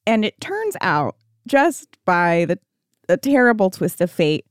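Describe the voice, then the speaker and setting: A woman's voice: unhurried, dry recording, clean studio sound. A young woman co-hosting a casual podcast, telling stories expressively and laughing often. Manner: expressive storytelling with big pitch swings, giggly. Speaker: podcast co-host. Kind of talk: casual chat.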